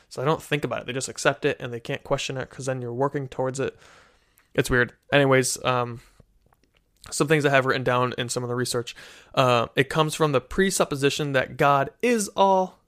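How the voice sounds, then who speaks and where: A man of ordinary pitch talks through a Christian teaching in a casual, conversational manner. He often restarts his sentences and checks in with listeners as he goes. He speaks into a desk microphone in a room with a bookshelf. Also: a bit bright. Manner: conversational, many "right?" tags and restarts. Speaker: Christian teacher, podcast host. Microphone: studio microphone.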